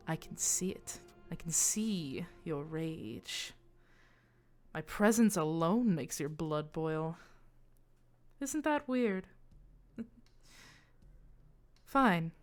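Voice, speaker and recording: A woman voicing an eerie, calm female being who taunts slowly and drops into whispers. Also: medium pitch. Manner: slow, soft and goading, slipping into whispers.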